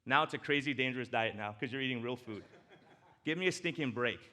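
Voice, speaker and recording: At a church men's breakfast in a church hall, a male doctor gives a casual, joking slide talk, swinging from loud excitement to quiet emotion. He talks fast in a medium-pitched voice.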